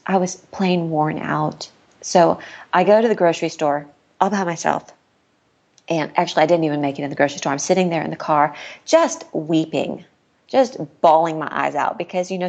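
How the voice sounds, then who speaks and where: Earnest woman with a lowish voice. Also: gravelly, darkish tone, dull audio. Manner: earnest, candid, laughs often while telling a story. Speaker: podcast guest. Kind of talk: personal storytelling in casual chat.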